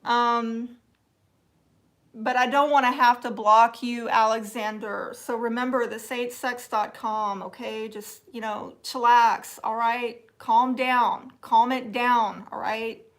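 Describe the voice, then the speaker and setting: A woman's voice: fairly high pitch, fairly even intonation, slow. A woman with a Southern accent from Texas, hosting a casual livestream, reading viewer comments aloud and answering them in a chatty, teasing way with frequent laughter. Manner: chatty and teasing, laughs often, drops to soft asides. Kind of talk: casual live chat.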